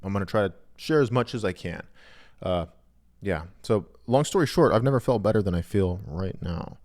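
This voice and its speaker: A man who runs a trading video channel, talking to camera in a casual, joking, self-mocking way, with big swings between loud and quiet. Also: on the low side, expressive, normal speed. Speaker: trading YouTuber. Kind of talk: casual vlog monologue.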